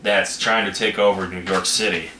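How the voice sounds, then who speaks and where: A man's voice: deep voice, steady tone, moderate pace. Rambling man in an echoey room. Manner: rambling, hedging with "you know what I mean". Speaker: trailer reaction host. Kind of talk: casual chat. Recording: echoey room with faint noise.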